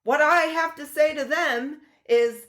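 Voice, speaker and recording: A woman's voice: high-pitched, fairly bright tone, pitched above the performer's own voice. A woman doing a stately transatlantic president. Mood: defiant, stately. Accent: transatlantic, put on. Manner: slow, drawn-out, oratorical delivery. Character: older male president, stately and defiant.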